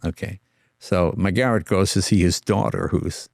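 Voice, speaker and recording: A man's voice: low voice, steady tone, measured pace, vocal fry, no echo, studio quality. An older man telling anecdotes in a casual interview, slipping into voices for the people in his stories, with stammers and restarts. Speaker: guest.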